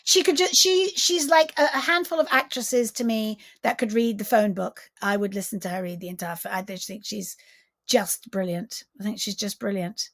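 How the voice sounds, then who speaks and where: A middle-aged woman, a film director, chatting as a guest on a video call interview in an animated, expressive way, often restarting her sentences. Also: medium pitch, normal speed, dry recording, clean studio sound. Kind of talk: casual interview chat.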